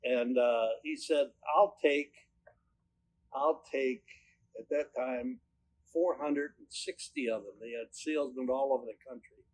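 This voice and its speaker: An older man at a middle pitch tells stories from his working life. He wanders through his tales, restarts sentences and pulls himself back with "but anyway". It sounds like an unhurried, conversational recollection. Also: fairly even intonation, a little mellow, rough recording. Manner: rambling storyteller, many restarts and "but anyway". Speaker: company owner. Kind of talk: recounting personal anecdotes.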